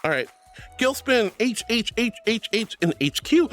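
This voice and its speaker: Bubbly, high, lively streamer woman. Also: moderate pace, faint music behind. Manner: bubbly and gushing, greets viewers with pet names. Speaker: streamer reading chat. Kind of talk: casual live-stream chat.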